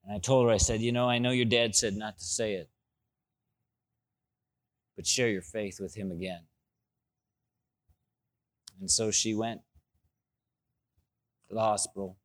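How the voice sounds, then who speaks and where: A middle-aged male pastor preaching a sermon and telling stories, with loud, excited bursts that drop into soft, low asides. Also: measured pace, long pauses.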